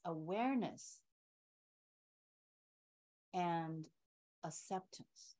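Slow-paced woman teaching qigong. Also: fairly low pitch, a little mellow, low-quality recording. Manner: explains slowly, often checks in with "right?" and "okay". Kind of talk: teaching an online class.

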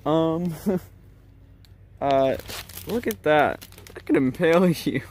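A giggly vlogger talks slowly and unhurriedly, with a very lively, bouncy pitch. Outdoor nature noise comes through clearly on the camera mic. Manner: giggly, joking, talking to viewers. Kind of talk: rambling solo hiking vlog. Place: outdoors in woods. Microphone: handheld camera mic.

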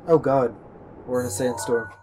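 A man's voice: mid-range voice, fairly even intonation, normal speed, dark tone. A man commentating his own gameplay in casual let's-play style, grumbling and swearing at enemies. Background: game music.

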